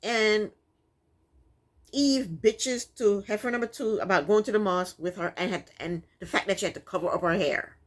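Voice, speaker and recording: A woman's voice: medium pitch, moderate pace. A woman giving a casual, opinionated recap of a reality TV episode, sassy and exasperated. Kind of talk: casual commentary.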